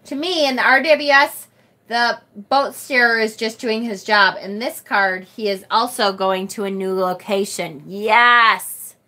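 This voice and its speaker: A middle-aged woman with a Rochester, New York accent, hosting a casual tarot livestream and reading viewer comments aloud, chatty and quick to laugh. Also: fairly high pitch, bright, forceful tone. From United States. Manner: chatty and bubbly, laughs often, trails off and restarts.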